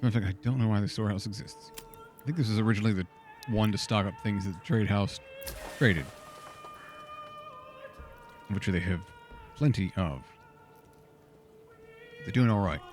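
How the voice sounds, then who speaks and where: A man with a low voice talks casually through a game, half to his viewers and half to himself. He keeps firing off exasperated questions at what is happening on screen. Soft music plays faintly behind him. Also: normal speed, pauses often. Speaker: game streamer. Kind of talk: casual gameplay commentary.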